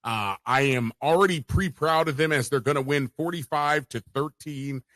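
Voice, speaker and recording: A man with a bright, forceful voice and a slightly high pitch, talking sports as a guest radio host. He makes confident, emphatic calls, and the sound is dry and close. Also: moderate pace, no echo. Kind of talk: casual sports talk.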